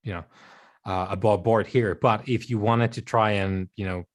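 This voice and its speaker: A man narrating as game master of a tabletop game, halting and full of fillers and laughs. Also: fairly low pitch, fairly even intonation.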